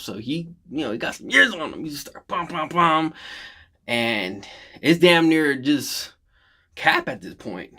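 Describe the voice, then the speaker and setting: A man giving an excited, casual recap of a film's big battle as a reaction host, swearing freely and acting out the characters' lines. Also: mid-range voice. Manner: animated, swears freely, acts out lines from scenes.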